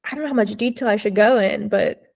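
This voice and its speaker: A woman's voice: medium pitch, fast talker, gravelly, darkish tone. A young woman telling a personal story as a podcast guest, chatty and full of "like", swearing freely. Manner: acts out quoted dialogue. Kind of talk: casual storytelling.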